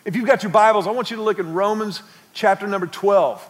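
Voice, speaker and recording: A man's voice: high-pitched, fast, long reverb tail. A man preaching a sermon, telling a family story and asking the congregation questions. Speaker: pastor.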